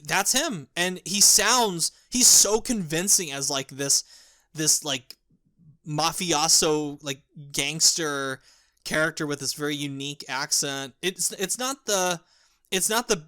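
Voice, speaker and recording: A man's voice: sits high, pushed and bright. A young man giving a casual, rambling movie review, often restarting his sentences and swearing. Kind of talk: casual spoken film review.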